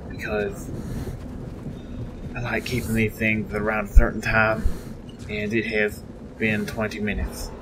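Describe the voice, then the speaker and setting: Male let's-play commentator, casual and jokey, easily spooked, noisy background hum. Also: medium pitch. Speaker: gameplay commentator.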